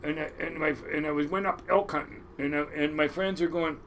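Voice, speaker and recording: A middle-aged crab fishing captain with a high voice tells stories in a casual interview. He rambles, swears freely and laughs a lot, with faint noise behind him. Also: steady tone, brisk, a bit bright. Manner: rambling, profane, laughs often.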